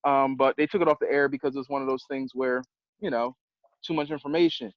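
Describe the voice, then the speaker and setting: A man chatting excitedly and emotionally on a group video call, laughing often. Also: mid-range voice, quick pace, no room sound, muffled recording. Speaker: guest on a spirituality call.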